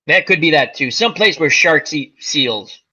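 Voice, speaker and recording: A man's voice: a little high, a little slow, husky, lo-fi sound. A man hosting a casual chat, telling stories animatedly and acting out the quotes. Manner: animated storyteller, acts out quotes. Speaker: host.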